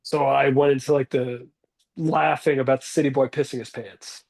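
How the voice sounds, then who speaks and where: A man's voice: medium pitch, fairly even intonation, moderate pace, gravelly, a little mellow. A man in his forties telling stories about his acting career in a rambling, self-deprecating way, calling in from his bathroom at home. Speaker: actor guest. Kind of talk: casual interview talk.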